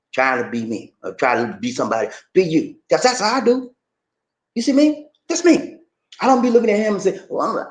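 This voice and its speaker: A man vlogging in a casual live chat, animated and preachy, asking questions and answering them himself. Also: sits high.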